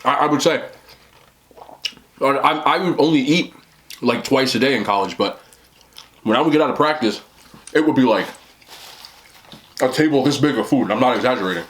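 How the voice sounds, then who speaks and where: A man's voice: mid-range voice, lively intonation, moderate pace, long pauses, fairly bright tone. A young man who vlogs about eating, chatting casually as he eats on camera, often talking with a mouthful and rambling. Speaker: mukbang vlogger.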